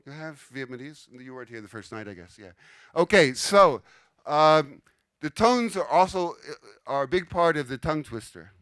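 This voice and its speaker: A man's voice: a little high, lively intonation, moderate pace, a bit bright, clear, resonant tone. An older man giving a casual, explanatory lecture to a live audience in a conference room, often checking in with "okay?". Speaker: conference speaker.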